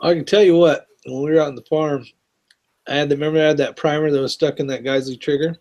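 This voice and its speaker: A man's voice: a little high, fairly even intonation, quick pace, a little mellow, dull audio. A man hosting a casual interview, laid-back and laughing along with his guest. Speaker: host.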